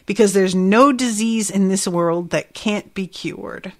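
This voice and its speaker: A woman's voice: mid-range voice, unhurried, lightly acted. A woman voicing a small, determined male reindeer who wants to be a doctor, making earnest, resolved declarations.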